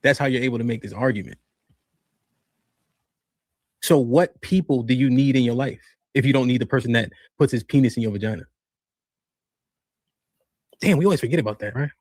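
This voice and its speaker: A man's voice: mid-range voice, dry recording. A man leads a podcast debate in a mid-range voice. He keeps interrupting to press his point, restarting phrases as he goes. The sound is dry and close to the mic. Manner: presses the guest with repeated questions and stumbling restarts. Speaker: podcast host questioning a guest.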